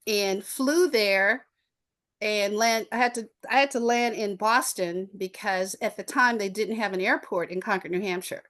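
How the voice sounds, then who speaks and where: A woman's voice: medium pitch, measured pace, fairly bright tone. A woman with a Southern US accent, an attorney and podcast guest, telling stories animatedly with frequent laughter and asides. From Memphis, Tennessee, US. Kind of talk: storytelling in an interview.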